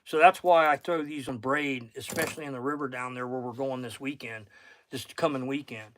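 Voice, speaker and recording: A man's voice: medium pitch, fairly even intonation, brisk, a bit bright, a little hiss or hum. A middle-aged man with a Southern accent, a fishing guide hosting a casual livestream, chatting in a rambling way and thanking viewers by name.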